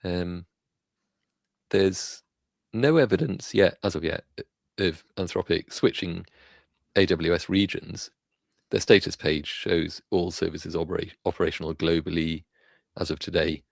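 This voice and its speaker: Male livestream host, very low gravelly voice, loose rambling chat full of restarts. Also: a little slow, no room sound. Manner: rambling, many fillers and restarts. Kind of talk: casual live news chat.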